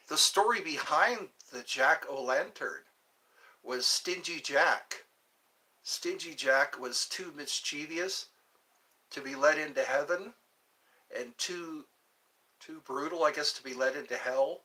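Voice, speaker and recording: A man's voice: a little high, slow pace, sharp tone. A man hosting a casual livestream, answering viewer questions in a rambling, jokey way. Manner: rambling and jokey, drifting between topics. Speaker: livestream host.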